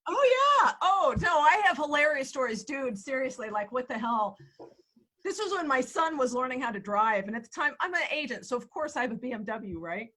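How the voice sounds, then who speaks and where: A woman in her forties, a real estate agent and coach, telling stories in a lively, profane, laughing way from her office in a casual interview. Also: high-pitched, a little fast. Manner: animated, profane, laughing storyteller.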